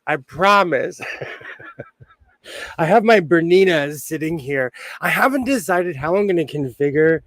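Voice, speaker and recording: A man with a notably high voice hosts a casual livestream, taking his time over each phrase. He jokes around and laughs often between greetings. The sound is close and dry, with no room echo. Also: lively intonation, takes it slowly, fairly bright tone. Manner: chatty, jokey, laughs often while greeting viewers. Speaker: sewing livestream host.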